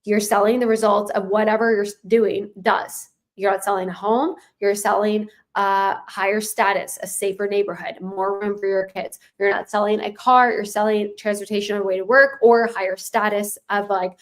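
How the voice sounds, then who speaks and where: A woman's voice: medium pitch, little pitch movement, moderate pace, few pauses. A woman sales coach giving casual, emphatic advice, often checking in with "right?" and "okay?" and swearing now and then.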